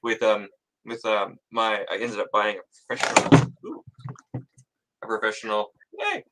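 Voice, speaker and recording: A man's voice: fairly low pitch, flat delivery, normal speed, very noisy. A man talking as an author guest in a casual interview, jittery and rambling, laughing often and running his thoughts together.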